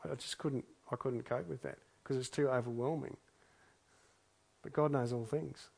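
A man's voice: mid-range voice, steady tone, moderate pace, creaky, darkish tone, husky. A man preaching a sermon, reading scripture aloud and then reflecting on it in an earnest way, often repeating his phrases for emphasis. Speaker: pastor.

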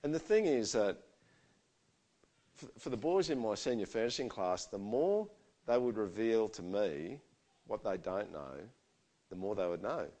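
Aussie guy preaching, chatty storyteller vibe, voice sits a bit low. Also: unhurried, long pauses. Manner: conversational, animated storytelling. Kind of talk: sermon with personal stories.

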